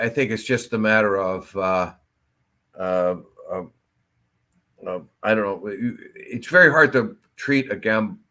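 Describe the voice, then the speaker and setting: A man's voice: on the low side, bright, forceful tone. A man co-hosting a local talk show in casual chat, with a rambling, anecdotal way of talking.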